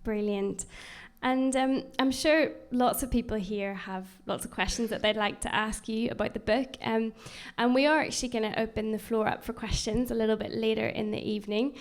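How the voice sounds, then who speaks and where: A woman's voice: fairly high pitch, steady tone, moderate pace. A woman hosting a live-streamed book launch, chatty and upbeat, with frequent ums. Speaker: event host.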